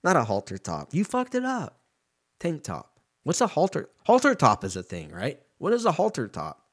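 A man's voice: fairly high pitch, huge pitch swings, moderate pace. A man hosting a podcast, rambling casually and profanely from one tangent to the next. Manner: loose, profane, jumps between tangents. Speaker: podcast host.

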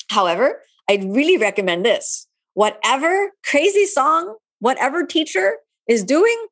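Answering viewers' questions in a live online class, a yoga teacher talks in a relaxed, conversational way with frequent asides. She has a mid-range woman's voice.

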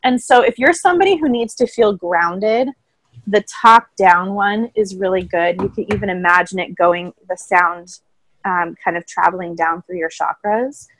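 A woman speaking as a guest in a casual interview, explaining things in a calm, thoughtful way. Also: mid-range voice, moderate pace, dry recording, rough recording. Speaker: voice coach guest. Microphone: own microphone, remote call.

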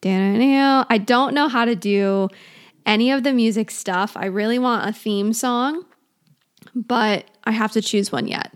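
A woman's voice: fairly high pitch, measured pace, clear, resonant tone. A woman in her twenties hosting her own podcast in casual solo chat, rambling and self-deprecating, often restarting herself. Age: 20s. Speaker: podcast host.

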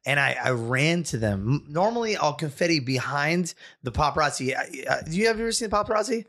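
Excitable man telling stories, slightly high voice. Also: fast talker. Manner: excitable, energetic, acts out other people's lines. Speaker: barber and show host. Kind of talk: animated casual storytelling.

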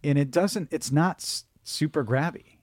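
A man's voice: a little high, normal speed, darkish tone, dry recording. A Midwestern American man in his forties co-hosting a casual podcast, rambling and self-deprecating with lots of restarts. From Michigan, United States. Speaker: podcast co-host. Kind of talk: casual chat.

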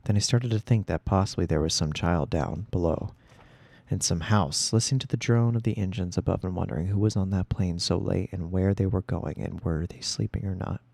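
A man reading a first-person story aloud in a steady storytelling voice. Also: low-pitched, brisk, gravelly, no echo. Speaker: audiobook reader.

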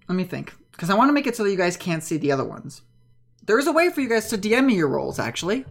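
A woman's voice: mid-range voice, sing-song, fast talker, gravelly. A woman running an online tabletop game as game master, chatty and patient as she explains the rules.

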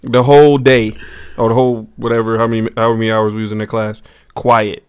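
A man hosting a podcast in casual chat, telling stories in a relaxed, slangy, joking way. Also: mid-range voice, fast, clean tone. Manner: laid-back storyteller, slangy and joking. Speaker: podcast host.

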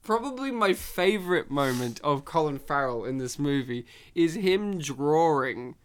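A man's voice: fairly high pitch, expressive, unhurried, clean tone. A man hosting a casual film discussion, rambling and playful and teasing his co-hosts.

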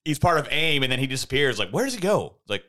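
A man's voice: mid-range voice, very animated, fast talker, bright, forceful tone. A man in casual chat, rambling with many restarts and laughing as he recalls a show.

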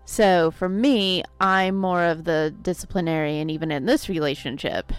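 A woman's voice: on the low side, moderate pace, smooth, soft background music. A woman in her thirties co-hosting a podcast, chatty and playful. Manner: laughs often, chatty and playful. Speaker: podcast co-host. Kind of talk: casual chat.

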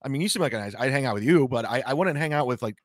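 A man's voice: mid-range voice, expressive, rapid-fire, dry recording. A man with a mid-range voice talks on a live stream, rambling and tripping over his words as he restarts his sentences. The sound is dry and close, with no room around it. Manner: rambling, self-interrupting with many restarts. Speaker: comedian guest. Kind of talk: casual live-stream conversation.

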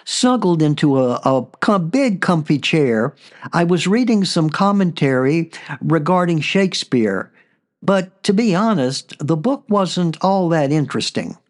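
A man's voice: a little high, unhurried. Chatty man telling a story. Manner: relaxed, with frequent "uh" fillers. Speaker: podcast host. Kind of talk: storytelling narration.

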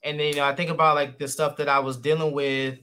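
A man's voice: a little high, flat delivery, quick pace, background noise. A man hosting a podcast, telling stories in casual chat with lots of fillers and restarts. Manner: rambling storyteller with many fillers and restarts. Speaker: podcast host.

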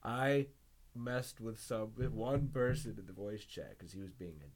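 A young man chatting casually as a podcast guest, telling a story with a lot of energy and loud laughter. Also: on the low side, a little slow. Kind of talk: casual chat.

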